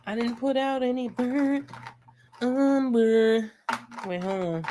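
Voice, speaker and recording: A young woman hosting a casual painting tutorial at home, chatty and joking with viewers, often clearing her throat. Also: fairly high pitch, takes it slowly, noisy background. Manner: chatty, joking asides, talks to viewers as friends; frequent laughs and throat clearing. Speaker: art tutorial host. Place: home studio with a fan running.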